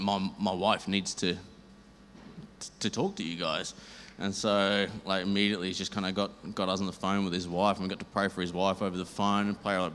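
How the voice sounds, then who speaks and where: A man tells a church testimony in a deep, low voice, rambling as he acts out both sides of the conversation. His voice rings in a reverberant hall with a faint noise floor. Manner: rambling, animated, acts out dialogue. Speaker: church member sharing a testimony. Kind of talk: storytelling testimony.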